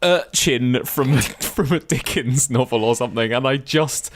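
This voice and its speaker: A man's voice: mid-range voice, measured pace, slight background noise. A man, chatting enthusiastically as a guest on a horror film podcast. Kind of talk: casual film discussion.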